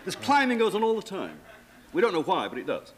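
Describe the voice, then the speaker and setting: A man's voice: high voice, huge pitch swings, fairly quick, a little hiss or hum. A middle-aged man, a talk show guest, explaining old pronunciations in a professorial way. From England. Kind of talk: lively explanatory chat.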